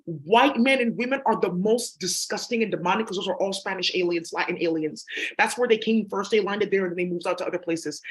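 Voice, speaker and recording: A man's voice: sits high, poor audio. A man talking to his viewers in a rambling, profane, scattered and conspiratorial way. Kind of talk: rambling casual monologue.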